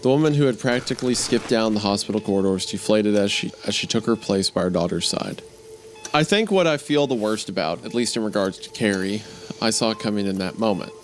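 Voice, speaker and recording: A man's voice: fairly low pitch, lively intonation, brisk, faint music behind. Man reading a story aloud. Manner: reads steadily, breaks off laughing into chatty comments. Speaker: podcast host reading a story. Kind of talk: story reading with casual asides.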